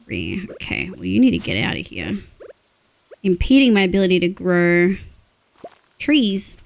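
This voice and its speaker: Young aussie girl streamer, super excitable, lots of gasps, pitch jumping all over, kinda slow talker. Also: creaky. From Australia. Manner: excitable, gasps and counts items aloud. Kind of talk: casual gameplay chat.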